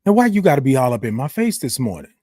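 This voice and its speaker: A man's voice: mid-range voice, sing-song, quick pace, mellow, slightly rough, dry recording. A man hosting a morning live stream. He chats playfully with viewers, greets them by name, and stretches his greetings into long sing-song calls. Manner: chatty and playful, talks straight to the audience. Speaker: host.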